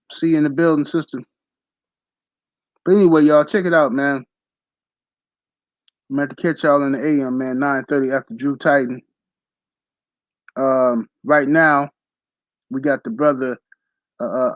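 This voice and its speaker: A man hosting a casual boxing livestream, ranting fast and animated with heavy profanity and slang. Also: mid-range voice, dry recording, rough recording. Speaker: boxing talk show host.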